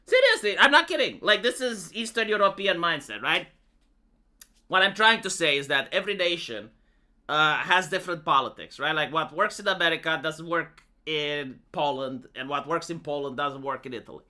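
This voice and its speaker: Guy ranting about politics on stream, swears a lot, sarcastic, really bright tone. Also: on the high side, lively intonation, moderate pace. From Romania. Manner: rambling, profane, sarcastic. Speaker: live streamer. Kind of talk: political rant.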